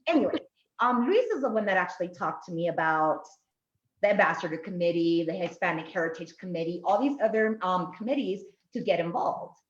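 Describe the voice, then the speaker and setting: A woman speaking as a panelist on a webinar, animated and frank, rambling and repeating herself. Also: fairly low pitch, brisk, reverberant, highs cut off. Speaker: panelist, committee member. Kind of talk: casual panel talk.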